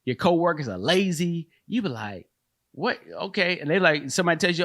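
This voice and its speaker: A man's voice: fairly high pitch, very animated, a little fast, a bit bright. A man hosting a comedic solo commentary, loose and slangy, who keeps calling listeners man and bro and laughs at his own jokes. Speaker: host and comedian.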